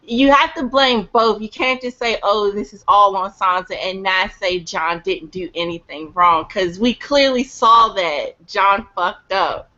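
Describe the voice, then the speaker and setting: A woman's voice: medium pitch, a little slow, few pauses, bright, forceful tone, highs cut off. A woman in a casual chat, arguing her point with casual swearing.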